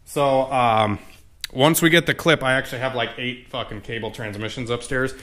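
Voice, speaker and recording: Bright-voiced young man rambling in a garage. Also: mid-range voice, moderate pace. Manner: rambling, profane, many fillers. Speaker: car tuning vlogger. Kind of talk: casual garage walkthrough.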